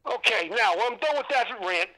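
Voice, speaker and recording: A man's voice: very high-pitched, animated, normal speed, a crowd in the background, poor audio. A man on a podcast ranting in exasperation, cursing and stammering through restarts as he complains. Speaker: podcast regular. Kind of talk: angry rant.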